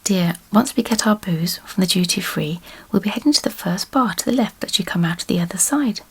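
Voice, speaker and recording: Woman whispering as a mischievous older lady, teasing and giggly, raspy whispered role-play. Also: mid-range voice, fairly quick. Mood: cheerful. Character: cheeky older woman traveller, playful and mischievous.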